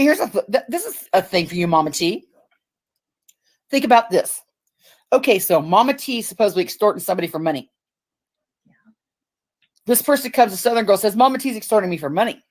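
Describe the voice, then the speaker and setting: A woman's voice: medium pitch, a little mellow. Blunt, profane woman ranting. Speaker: livestream host. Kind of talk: casual ranting livestream chat.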